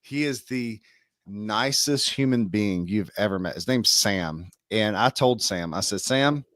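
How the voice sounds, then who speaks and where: A man co-hosting a casual business webinar, chatting in an upbeat way with quick asides. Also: lowish voice, lively intonation, fairly bright tone, no room sound, clean studio sound. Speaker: webinar co-host.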